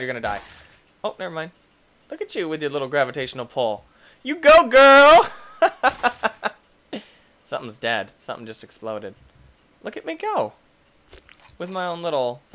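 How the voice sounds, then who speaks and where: This is a man narrating his gameplay in a goofy, excitable way, breaking into laughs and shouts. His voice sits high and swings all over, with a bright, sharp edge. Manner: excitable, goofy, quick to laugh and yell at the game. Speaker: gaming YouTuber. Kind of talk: let's play commentary.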